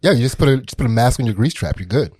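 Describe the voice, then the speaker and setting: A man's voice: mid-range voice, lively intonation, very fast, darkish tone, breathy edge. A man telling comic stories on a podcast, giggling often and stumbling over words as he starts a thought. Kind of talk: casual comedic storytelling.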